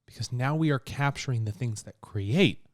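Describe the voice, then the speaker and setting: This is a man co-hosting a podcast, speaking at a moderate pace in a mid-range voice. He's conversational and loose, uses plenty of fillers, and laughs easily. It's studio quality with no room sound.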